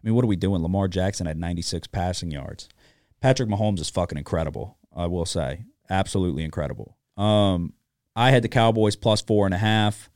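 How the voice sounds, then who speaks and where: Low-voiced man ranting about sports bets. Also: fairly quick, a little mellow, dry recording, studio quality. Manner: profane, ranting. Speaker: sports betting podcast co-host. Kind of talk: casual sports betting chat.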